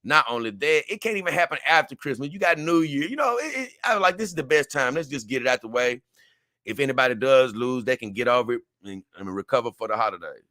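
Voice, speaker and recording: Young male streamer, bright and forceful, dry close mic, reads chat and rambles with laughs. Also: a little high, lively intonation, brisk, no echo. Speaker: livestream host reading viewer comments. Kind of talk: casual livestream chat.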